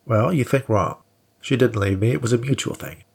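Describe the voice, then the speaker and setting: A man's voice: medium pitch, expressive, normal speed, vocal fry, darkish tone, breathy edge. A man voicing a defensive, evasive ex-boyfriend in an audiobook, with a whiny, protesting delivery. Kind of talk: audiobook character voice.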